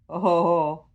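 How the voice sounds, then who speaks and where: A woman's voice: on the low side, lo-fi sound. A woman filming on her phone, laughing and playfully scolding her pet bird. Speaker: parrot owner filming. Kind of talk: casual home video chat. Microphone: phone camera held by the speaker.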